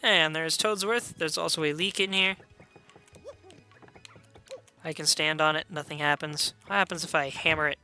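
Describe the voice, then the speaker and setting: A man's voice: on the high side, steady tone, normal speed, long pauses, pushed and bright, faint music behind. A man casually commentating a video game stream, chatty with meandering asides.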